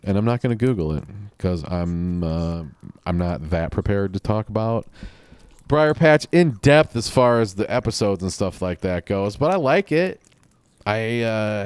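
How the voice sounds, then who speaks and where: A man's voice: lowish voice, darkish tone, clear, resonant tone, no echo. A man hosting a solo podcast, talking in a rambling, offhand and profane way. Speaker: podcast host. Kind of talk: casual solo podcast chat.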